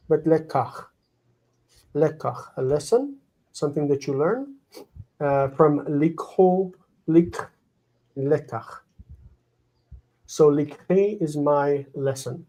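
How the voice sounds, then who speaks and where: A man teaching a live online grammar lesson, sounding out words slowly and explaining their forms. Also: fairly high pitch, warm tone, low-quality recording. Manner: explains, repeats words slowly, reads out comments.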